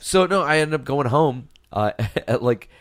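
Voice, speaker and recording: A man of about forty, congested and stuffed up, co-hosting a movie podcast in a relaxed, rambling chat. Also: a little high, unhurried, no echo, clean studio sound. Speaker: podcast co-host. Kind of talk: casual chat.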